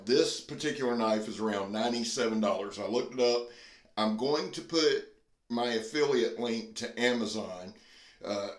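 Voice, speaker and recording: A man hosting a casual knife review vlog, talking in a folksy, earnest, plain-spoken way. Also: lowish voice. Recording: roomy echo.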